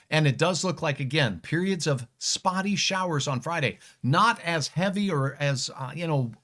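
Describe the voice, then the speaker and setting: A man's voice: a little high, fairly bright tone. A man giving a casual, joking livestream weather forecast and answering viewer comments.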